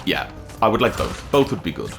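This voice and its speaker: A man's voice: lowish voice, wildly swooping pitch, a little fast, vocal fry, a bit bright, soft background music. A man hosting a let's play, chatting casually and swearing freely while he plays. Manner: rambling, swears freely, self-correcting. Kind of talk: casual gameplay commentary.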